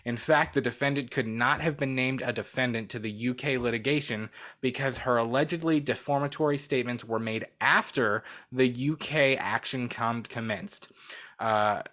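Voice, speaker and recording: A man's voice: medium pitch, moderate pace, a bit bright. A man co-hosting a movie news podcast, chatting casually and reading articles aloud with asides. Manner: rambling, reads articles with asides. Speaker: podcast co-host.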